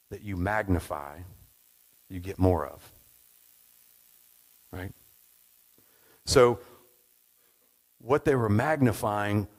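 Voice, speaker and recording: A man's voice: mid-range voice, darkish tone, rough recording. Man preaching a conversational sermon. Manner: conversational, tag questions, storytelling.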